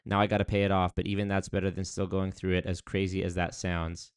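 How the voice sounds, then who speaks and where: Rambling young male streamer, lowish voice. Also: fast, clean tone, dry recording, studio quality. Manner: rambling, animated, with many fillers and restarts. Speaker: streamer reading chat. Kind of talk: casual livestream chat.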